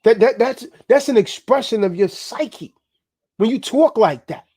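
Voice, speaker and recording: A man's voice: extremely high pitch, expressive, unhurried, a little mellow, no echo, studio quality. A man hosting a live stream, preaching and exhorting his listeners, often ending lines with "man". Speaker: livestream host. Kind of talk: impassioned preaching livestream.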